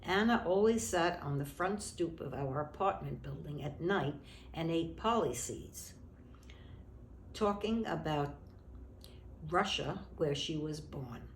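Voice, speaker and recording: An older woman from Brooklyn reading her childhood memoir aloud in a gentle, reminiscing way. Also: low voice, expressive, slow. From Brooklyn, New York. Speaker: memoir narrator. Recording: roomy echo, faint background noise.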